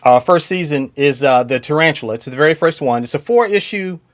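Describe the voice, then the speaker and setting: A man co-hosting a podcast, chatting enthusiastically and laughing often between points. His voice sits a little higher than most men's. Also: lively intonation, fairly quick. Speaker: podcast co-host. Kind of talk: casual chat.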